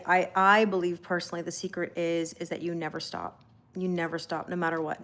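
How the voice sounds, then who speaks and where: A woman's voice: on the low side, fairly bright tone. Chatty woman giving a live tarot reading. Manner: chatty and reassuring, laughs often, reads out viewer comments. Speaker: tarot reader hosting a livestream.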